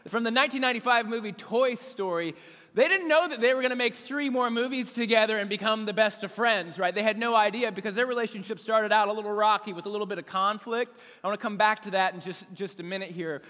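High, bright, excitable man preaching. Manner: excitable, cheering the room into call-and-response. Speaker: pastor. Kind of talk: energetic sermon to a congregation. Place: church sanctuary. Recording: echoey church sanctuary with long reverb.

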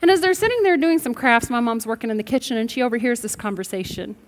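A middle-aged woman preaches with emphatic, building delivery, her voice pitched high. She tells stories and calls on the congregation to answer back. The sound rings with the long reverb of a large church hall. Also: expressive, fast talker. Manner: emphatic, rising to bursts, asks the congregation to respond. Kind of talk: sermon with storytelling.

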